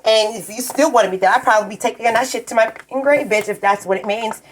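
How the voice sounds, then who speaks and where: A woman's voice: a little high, fast talker, slight background noise. A woman in a heated, rambling monologue, swearing constantly as she vents. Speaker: vlogger. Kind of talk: profane ranting monologue.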